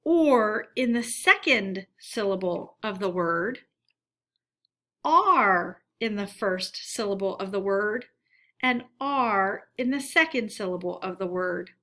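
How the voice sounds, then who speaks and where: A woman teacher with a mid-range, expressive voice that sounds pushed and bright gives a recorded phonics lesson for children. She reads words aloud slowly and deliberately so they can repeat them.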